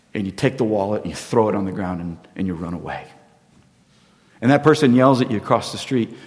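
A man preaching a sermon as pastor, telling a story that swings from loud emphasis down to near-whispers. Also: on the low side, creaky. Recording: long hall reverb.

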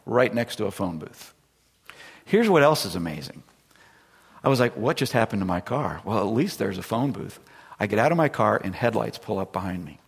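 In a large, reverberant room, a middle-aged pastor shares a personal story during his sermon, chatting conversationally and voicing the people he quotes. His lowish voice is sing-song, creaky and a little rough, moving at normal speed.

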